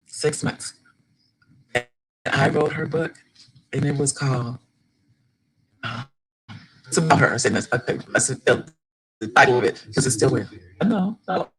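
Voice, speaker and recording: An older woman, a grandmother, telling a story to an audience about writing her first children's book, animated and rising with excitement. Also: very deep voice, measured pace, long pauses, slightly rough, poor audio. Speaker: guest speaker, children's book author.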